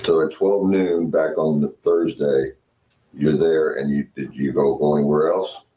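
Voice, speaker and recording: A man's voice: a bass voice, steady tone, measured pace, mellow. A male interviewer asking methodical questions and restating answers to pin down the details. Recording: roomy with faint hiss.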